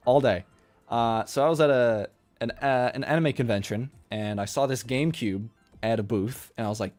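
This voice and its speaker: A man chatting casually on a live stream while he draws manga, rambling and quick to laugh at his own jokes. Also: mid-range voice, a little mellow. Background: faint music playlist.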